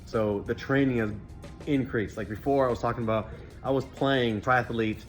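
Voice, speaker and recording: A man's voice: mid-range voice, fairly even intonation, moderate pace, soft background music. A man, a fitness coach, talking in an earnest, heartfelt and rambling way in a personal training vlog, full of fillers. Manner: rambling conversational delivery with many fillers.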